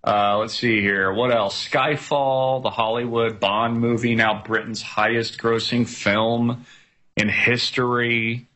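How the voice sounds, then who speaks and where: A man's voice: mid-range voice, level tone, takes it slowly, bright, forceful tone. A man hosting a casual news commentary show, reading headlines aloud with many fillers and sarcastic asides.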